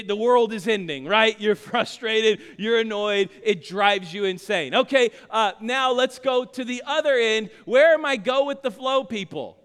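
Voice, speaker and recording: High bright guy preaching, joking around with the crowd, big echoey hall. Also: smooth. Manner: animated, joking, talks to the crowd. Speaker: pastor. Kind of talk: sermon.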